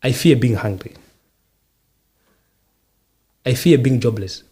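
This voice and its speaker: A man's voice: medium pitch, expressive, brisk, mellow, breathy edge. A man hosting a podcast, answering questions in a reflective way, with short repeated statements. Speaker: podcast host. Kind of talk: casual interview answers.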